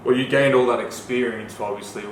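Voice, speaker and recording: A man's voice: mid-range voice, fairly even intonation, fairly quick. A man hosting a podcast, encouraging his guest with prompting questions. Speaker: podcast host. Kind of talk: casual interview. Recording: echoey room, from far off, faint noise.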